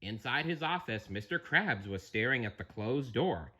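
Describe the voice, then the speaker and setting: A man's voice: mid-range voice, expressive, normal speed, sharp tone, breathy edge. A man reading a storybook aloud, dropping in chatty asides to the listener. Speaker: narrator.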